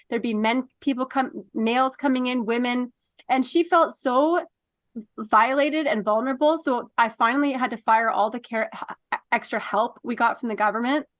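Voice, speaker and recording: Chatty woman interviewer, slightly high. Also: fairly bright tone, dry recording. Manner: quick, chatty storytelling. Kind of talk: casual interview talk.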